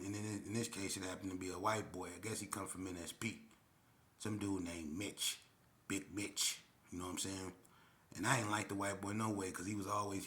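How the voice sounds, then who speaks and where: A low-voiced man tells a story in loose, slangy street talk. He keeps checking in with the listener as he goes and speaks in a plain, unhurried way. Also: bright, forceful tone. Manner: slangy, street talk with frequent "you know what I'm saying". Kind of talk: casual storytelling.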